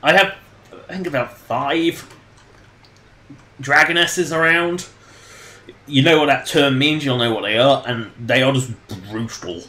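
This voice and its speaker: A man's voice: medium pitch, unhurried, pauses often, bright, forceful tone, reverberant. A man casually commenting on his game during a livestream, rambling and joking and laughing at his own jokes. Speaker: game streamer.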